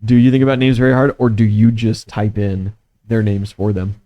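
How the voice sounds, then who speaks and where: A man's voice: on the low side, little pitch movement, normal speed, dark tone, lo-fi sound. A man acting as game master, running a tabletop game with teasing questions for the players.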